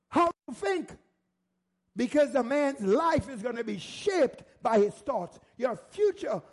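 A male pastor delivers a sermon in a strikingly high voice. He drives each point home with repetition and fires rhetorical questions at his listeners. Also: a little mellow.

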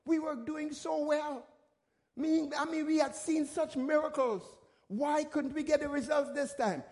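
A man voicing a group of excited, eager young male followers. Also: very high-pitched, unhurried, voice pushed up.

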